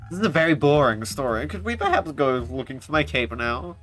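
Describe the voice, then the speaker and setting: A man's voice: a little high, lively intonation, fairly quick, fairly bright tone, soft background music, pitched above the performer's own voice. A man voicing a fussy male vampire in a video game who keeps fretting over his lost cape, in a whiny, pleading manner. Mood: impatient.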